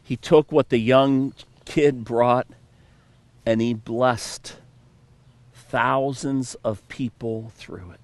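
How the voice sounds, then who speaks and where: A man preaching a sermon as pastor, telling a story and briefly acting out the characters with sudden jumps in pitch. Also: fairly even intonation, very slow, dry recording.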